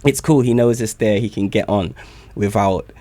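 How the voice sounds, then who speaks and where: A man reacting to community music on a live stream, hyped and excitable, often shouting his praise. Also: on the low side, normal speed.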